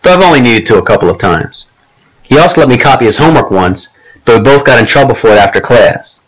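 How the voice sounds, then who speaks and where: A man's voice: medium pitch, animated, quick pace, slightly rough, rough recording. A man reading a first-person novel as an audiobook narrator, in a casual, conversational manner.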